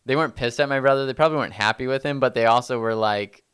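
A man's voice: mid-range voice, very fast, a bit bright, smooth, no room sound, clean studio sound. A man co-hosting a podcast, chatting casually and rambling with fillers and restarts. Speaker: podcast co-host. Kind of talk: casual chat.

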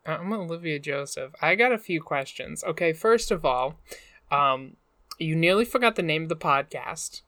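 A woman's voice: low-pitched, lively intonation, normal speed, a bit bright, dry recording. A woman co-hosting a casual podcast, dry and teasing, with frequent fillers. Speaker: podcast co-host.

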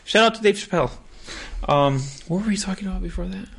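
Gravelly man rambling casually. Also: sits high, quick pace, a bit bright. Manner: rambling storytelling, profane slang. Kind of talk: casual chat.

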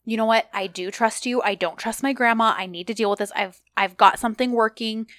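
A woman's voice: fairly high pitch, brisk, dry recording. A woman in casual chat, talking a lot with "like" and acting out what characters should have said. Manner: animated, lots of "like", acts out what characters should say. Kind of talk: casual chat recapping a show.

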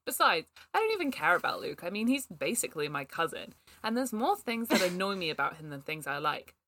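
A woman co-writer reading a shared story aloud, giggly and animated, often breaking into laughter. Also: on the low side, brisk, a little hiss or hum.

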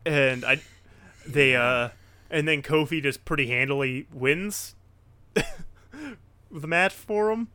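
Excitable man with a bright voice. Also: on the high side, slow pace, pauses often, clean tone, no room sound. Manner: excitable, rambling with restarts and swearing. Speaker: podcast co-host. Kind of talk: casual wrestling chat.

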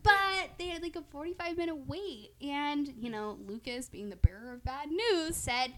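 Brief: woman podcast co-host with a high voice, swears freely, animated anecdotes. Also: normal speed, a little hiss or hum. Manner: profane, animated storytelling. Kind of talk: casual chat.

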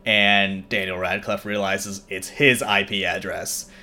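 A man's voice: fairly low pitch, little pitch movement, unhurried, bright, forceful tone. A young man hosting a show, casually recapping a film in a rambling way with many fillers. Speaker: host.

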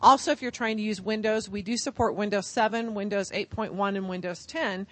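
A woman's voice: medium pitch, steady tone, a little fast, fairly bright tone. Enthusiastic woman presenting at a conference. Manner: upbeat, chatty, enthusiastic. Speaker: vendor presenter.

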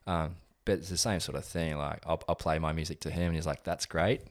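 A young man who coaches strength training, chatting casually in an interview, relaxed and rambling with many fillers. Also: very deep voice, quick pace, no echo, studio quality. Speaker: gym owner and strength coach.

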